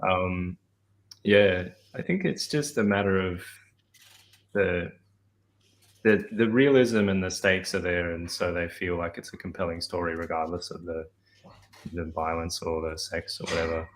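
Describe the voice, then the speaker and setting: An easygoing man talking as a panelist, his sentences often trailing off softly. His voice is very deep. Faint noise hums behind him. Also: measured pace. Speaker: panelist author. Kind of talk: casual panel chat.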